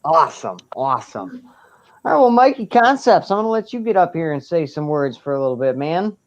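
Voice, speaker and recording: A man hosting a casual live-stream chat, relaxed and easygoing. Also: fairly high pitch, a little fast, dull audio. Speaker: host.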